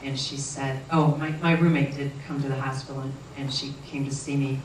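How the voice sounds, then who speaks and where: Woman guest, earnest halting storyteller, roomy distant recording with faint noise. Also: rumbling low, flat delivery. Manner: earnest, halting with frequent restarts. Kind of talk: personal storytelling.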